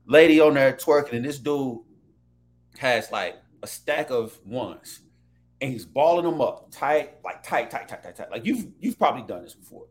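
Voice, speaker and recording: Animated, lively man telling stories. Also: mid-range voice, moderate pace. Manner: animated, laughing, profane storyteller. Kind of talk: casual storytelling chat.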